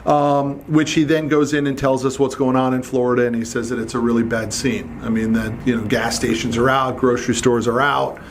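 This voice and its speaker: A man's voice: medium pitch, flat delivery, a little fast, few pauses, a little hiss or hum. A middle-aged man hosting a solo podcast, talking bluntly and with animation, swearing casually. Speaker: podcast host.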